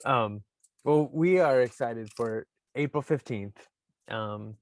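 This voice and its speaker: A man hosting a podcast in casual chat, animated and playful with lots of fillers. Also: a little high, moderate pace. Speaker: podcast host.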